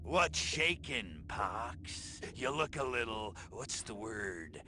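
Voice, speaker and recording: A man's voice: lowish voice, very animated, slow, background noise. An actor playing a cocky, sarcastic male alien soldier in a video game. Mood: wisecracking. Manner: sarcastic, teasing.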